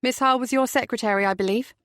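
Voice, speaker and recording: A woman voicing a brisk, probing female police inspector asking pointed questions, recorded dry and close. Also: on the high side, fairly bright tone, no echo, lightly acted. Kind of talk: audiobook character voicing.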